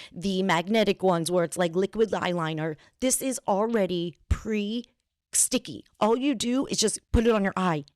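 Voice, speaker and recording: Middle-aged woman host, rambling, excitable talker, dry close sound. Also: medium pitch, dry recording. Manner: rambling, excitable, jumps between thoughts. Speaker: podcast host. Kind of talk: casual chat.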